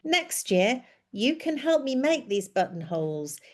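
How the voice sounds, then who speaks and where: A woman's voice: fairly high pitch, big pitch swings, unhurried, voice pushed up. A woman reading a knowing French village woman. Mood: warm.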